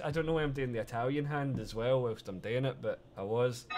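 A man chatting casually on a live stream, excitable and swearing freely, laughing often as he talks to his chat. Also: mid-range voice, brisk, few pauses, noisy background.

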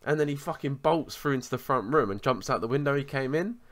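A man co-hosting a podcast, telling a story in a sweary, animated way in casual chat. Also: medium pitch, fast, a loud crowd. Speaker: podcast co-host.

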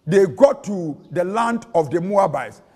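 A Ghanaian man preaching with a high, ringing voice. He falls into a sing-song cadence and mixes local-language phrases into his sermon. The long reverb of a big church hall hangs on every line. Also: lively intonation, measured pace, darkish tone. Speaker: prophet and preacher.

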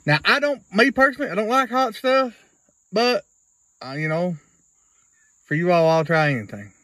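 A man's voice: sits high, lively intonation, moderate pace, sharp tone, no echo, low-quality recording. A man, rambling through a casual video blog in a folksy way and repeating himself. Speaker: vlogger.

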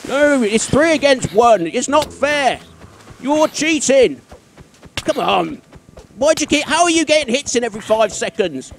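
A man's voice: extremely high pitch, very animated, a little slow, slight background noise. An Englishman giving let's-play commentary on his own gaming, self-mocking and exasperated, often chuckling as he talks into a desk microphone. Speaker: gaming video creator.

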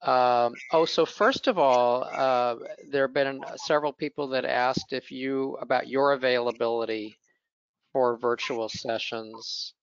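A man moderates a webinar and courteously passes along questions from the audience. His voice is smooth and clear, with dry, close sound. The audio is dull and lo-fi, as from a video call. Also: mid-range voice, steady tone, measured pace, no room sound. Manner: polite, relaying audience questions.

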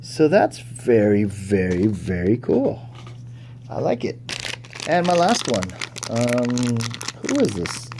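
A man's voice: medium pitch, very animated, slow, a little mellow, slight background noise. A man giving casual, chatty toy unboxing commentary, thinking aloud and easily impressed. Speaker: toy reviewer.

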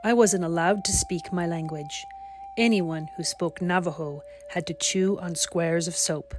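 A woman reading the part of a kind, wise elderly grandfather in a storybook, speaking gently and steadily as he tells of his past. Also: lowish voice, unhurried, faint music behind, lightly acted. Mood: reminiscing.

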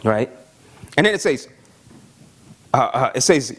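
A man's voice: medium pitch, measured pace. A man preaching a sermon as pastor, reading scripture and often asking the congregation "amen?" and "right?". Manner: animated preaching, frequent "amen?" and "right?" checks.

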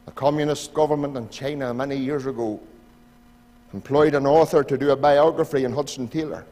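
A Northern Irish pastor preaching a sermon in a church, pleading with his congregation and swinging from loud appeals to hushed asides. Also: mid-range voice, steady tone, fairly quick. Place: church sanctuary. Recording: church hall reverb.

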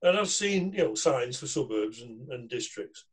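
A man's voice: medium pitch, animated, normal speed, slightly rough. A middle-aged man hosting a casual online session, talking in a rambling, hesitant way with many fillers and restarts. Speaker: session host. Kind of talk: casual chat on a video call.

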